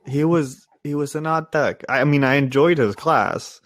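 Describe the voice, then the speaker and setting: A man's voice: a little high, normal speed. A young man co-hosting a podcast in casual chat, joking and laughing often. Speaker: podcast co-host.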